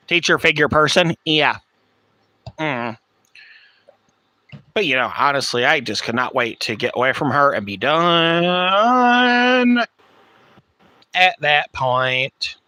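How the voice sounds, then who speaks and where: A man's voice: a little high, sharp tone, dry recording. A man hosting a podcast, telling a rambling personal story in a blunt, profane, casual way. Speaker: podcast host.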